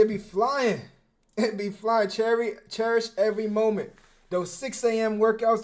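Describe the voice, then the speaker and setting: A young man, a football coach and former defensive back, talking casually on a livestream, animated and slangy, often repeating his words. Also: high voice. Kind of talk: casual livestream film breakdown.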